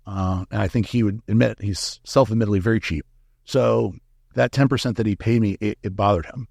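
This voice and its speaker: A middle-aged man talks candidly in an interview, swearing freely and acting out the lines of the people in his story. His voice sits low and crackles with fry. The sound is dry and close. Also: brisk, darkish tone, no echo. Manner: candid, profane, acts out quoted dialogue. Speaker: guest, supplement company founder.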